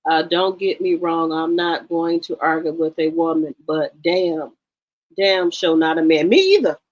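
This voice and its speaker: A woman's voice: low-pitched, little pitch movement, a little slow, low-quality recording. An older woman, hosting a casual gossip chat in a sassy, profane, emphatic way. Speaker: talk show host.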